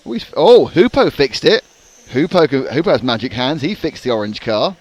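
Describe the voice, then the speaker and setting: A man's voice: medium pitch, sing-song, darkish tone. A man doing live race commentary, joking and teasing his co-host. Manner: jokey, quick, teasing. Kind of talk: live sport commentary with banter.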